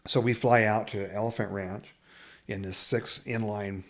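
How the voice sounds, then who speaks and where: Casual male storyteller, slightly low voice, lively delivery with laughs and voiced quotes. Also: measured pace. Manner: animated, laughs through the story, acts out other people's lines. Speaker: podcast guest telling a travel story.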